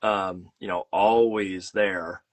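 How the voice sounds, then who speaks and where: A man's voice: low-pitched, fairly even intonation, slow pace. A man hosting a casual interview over a video call, rambling with many fillers and teasing his guest. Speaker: podcast host and illustrator.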